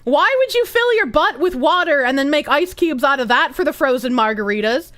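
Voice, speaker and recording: A woman's voice: high voice, lively intonation, fairly quick, a bit bright. A woman streamer reacting to a clip in casual chat, giggling and swearing freely. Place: room with echo dampeners.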